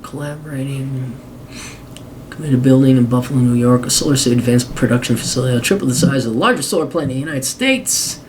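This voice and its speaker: A man's voice: mid-range voice, quick pace, a little hiss or hum. Sarcastic, profane man reading aloud. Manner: sarcastic, profane running asides. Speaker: podcast host. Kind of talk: reading a biography aloud with commentary.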